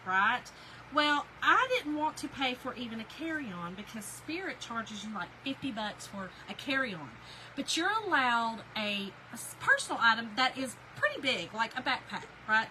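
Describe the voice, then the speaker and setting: A woman's voice: high voice, big pitch swings, normal speed, sharp tone, a little hiss or hum, poor audio. A woman hosting a crafting livestream, chatting folksily and calling her viewers y'all. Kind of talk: casual chat while crafting on a livestream.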